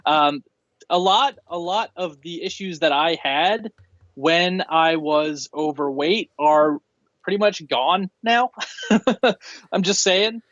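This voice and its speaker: A man's voice: a little high, slow pace, fairly bright tone, no echo. A man co-hosting a podcast, making dry, sarcastic remarks. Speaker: podcast co-host. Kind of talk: casual podcast chat. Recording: dry, dull lo-fi mic.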